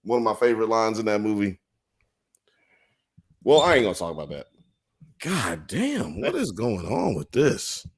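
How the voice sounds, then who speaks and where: Low-voiced man hosting. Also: huge pitch swings, normal speed, creaky, pauses often, slightly rough. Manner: blunt, profane, hot takes. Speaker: host. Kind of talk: casual late-night podcast banter.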